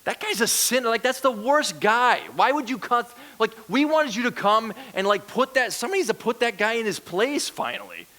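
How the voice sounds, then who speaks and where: A man's voice: very high-pitched, lively intonation, a little fast, hardly any pauses, sharp tone, pitched above the performer's own voice, full character voice. A man voicing a grumbling crowd of townsfolk, complaining in disbelief. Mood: indignant. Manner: complaining, incredulous.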